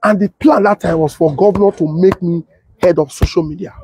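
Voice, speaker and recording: A young adult man with a Nigerian Pidgin English accent, telling a story and acting out the voices of others in a husky tone. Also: brisk, slight background noise. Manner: switches to high excited voice when quoting others. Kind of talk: animated storytelling with acted-out quotes.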